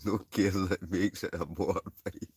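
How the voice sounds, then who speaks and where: A man's voice: low-pitched, steady tone, normal speed, darkish tone, slightly rough, no room sound. A Scottish man hosting a wild camping live stream from a heated tent, chatting in a rambling way, laughing often and answering live comments. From Scotland. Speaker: wild camping livestream host. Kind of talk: casual chat reading live comments. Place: inside a heated tent with a stove.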